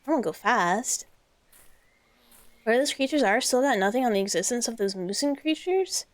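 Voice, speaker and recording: Excitable, rambling woman streamer. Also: fairly high pitch, moderate pace, dry recording. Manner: rambling and excitable, swears freely. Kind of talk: casual gameplay commentary.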